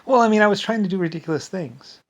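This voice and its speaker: A man's voice: high-pitched, quick pace. Rambling man, restarting words constantly. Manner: trails off with "anyway, whatever". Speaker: vlogger. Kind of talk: rambling personal monologue.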